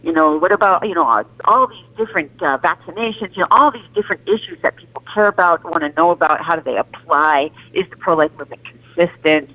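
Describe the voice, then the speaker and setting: A woman's voice: lowish voice, fast, few pauses. A woman guest speaking earnestly and emphatically on a call-in radio interview. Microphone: phone. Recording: muffled phone line.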